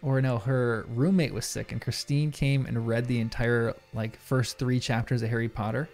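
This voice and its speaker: A man's voice: medium pitch, steady tone, normal speed, a little mellow, faint music behind. A man chatting casually on a livestream while solving a crossword, rambling, laughing often and talking to his chat.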